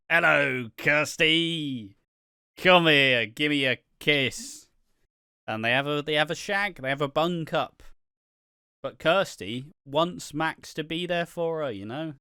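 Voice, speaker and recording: A man's voice: clear, resonant tone, dry recording, clean studio sound. A British man co-hosting a podcast, recapping a soap opera in casual chat, swearing a lot and acting out the characters' lines. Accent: British English. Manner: swears constantly, acts out characters' lines with big swings of pitch and loudness. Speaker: podcast co-host.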